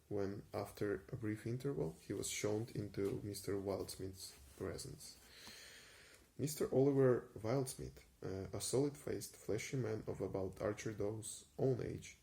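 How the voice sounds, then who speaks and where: A man giving an unhurried ASMR reading of a vintage story, with frequent small hesitations. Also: on the low side, vocal fry, warm tone. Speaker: reader.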